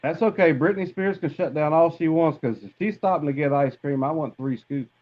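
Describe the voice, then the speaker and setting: A man's voice: a little high, a little fast, dull audio, a little hiss or hum. A man, a guest on a live stream, chatting in a folksy, easygoing way. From southern United States. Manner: folksy, easygoing, laughs along. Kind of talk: casual live stream chat.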